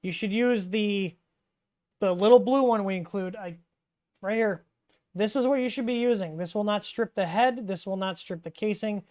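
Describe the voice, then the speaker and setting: Relaxed rambling woman hosting a livestream. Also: medium pitch, moderate pace. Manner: rambling, relaxed, many fillers and restarts. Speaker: livestream host answering 3D printer questions. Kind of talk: casual live Q&A chat.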